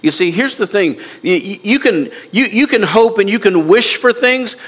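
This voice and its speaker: A man's voice: sits high, expressive, moderate pace, a bit bright. A male pastor preaching a sermon to his congregation, emphatic and conversational, often repeating words and asking the room questions.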